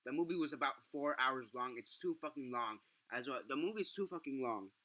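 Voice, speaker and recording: A young man with a strikingly bright, forceful voice rants through a film review. He swears freely and piles up fillers and false starts in loose, exasperated chat. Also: mid-range voice, lively intonation, a little fast. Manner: profane, exasperated ranting with many fillers and restarts. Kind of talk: casual ranting review.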